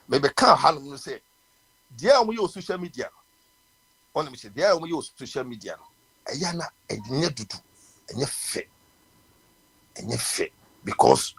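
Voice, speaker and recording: A man's voice: fairly high pitch, creaky, a bit bright, slightly rough. A man with a Ghanaian accent hosting a live radio talk show, speaking passionately and mixing in English with many restarts. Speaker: radio host.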